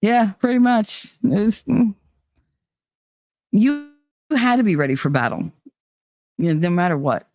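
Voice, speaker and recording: A woman's voice: medium pitch, expressive, unhurried, long pauses, a little mellow, dry recording. A woman hosting a casual live stream who reads viewer chat and talks candidly and bluntly, with swearing and wry humor.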